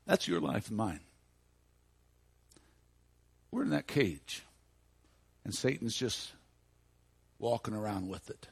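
A man preaching a sermon, telling an illustrative story dramatically and slowing down for emphasis. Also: fairly low pitch, lively intonation, gravelly, husky, no echo.

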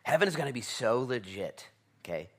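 A man's voice: medium pitch, very animated, brisk, breathy edge. A man in his thirties preaching a sermon, conversational and self-deprecating, driving points home by repeating them. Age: 30s. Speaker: pastor.

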